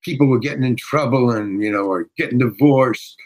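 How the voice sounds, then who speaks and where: An older man from the United States, a comedian telling a rambling, halting anecdote as an interview guest. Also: mid-range voice, low-quality recording. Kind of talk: conversational storytelling.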